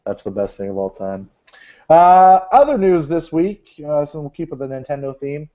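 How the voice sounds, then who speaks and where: A man's voice: fairly high pitch, big pitch swings, normal speed, dark tone. Male podcast host, casual rambling news chat, muffled lo-fi sound. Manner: rambling, joking, many fillers. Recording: dull lo-fi podcast audio.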